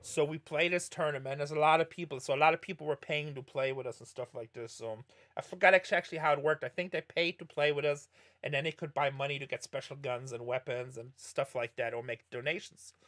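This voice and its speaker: A man's voice: on the high side, fast, a bit bright. A middle-aged man chatting casually while he streams poker and answers viewer questions, rambling and correcting himself often. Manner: rambling, self-correcting storyteller. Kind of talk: casual livestream chat while playing poker.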